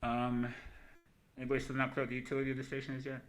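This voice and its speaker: A man with a mid-range, slightly bright voice and a flat delivery hosts a crypto trading livestream, heard on a rough recording. He talks through market charts fast and loose, swearing freely, wandering between points and tacking "right?" onto them. It's casual chart commentary on a live show.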